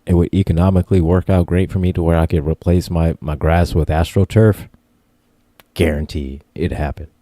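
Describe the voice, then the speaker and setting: A man with a low, mellow voice co-hosting a podcast, rambling easily through his thoughts and leaning on fillers. The recording is dry, with no room sound. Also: fairly even intonation, normal speed, no echo. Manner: rambling, easygoing, many fillers. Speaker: podcast co-host. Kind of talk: casual chat.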